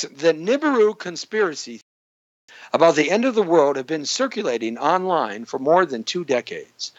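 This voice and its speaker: A man hosting his live online show, rambling and joking, jumping into sudden high squeaky bits. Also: no echo. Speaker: host. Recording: dull lo-fi stream audio.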